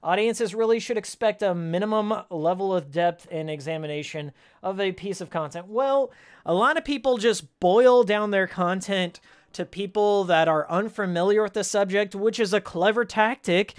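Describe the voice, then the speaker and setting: A man's voice: high voice, normal speed, smooth. A man streaming a video game, chatting casually with his viewers in a heated, sarcastic rant with frequent laughs. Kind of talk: casual live-stream chat while playing.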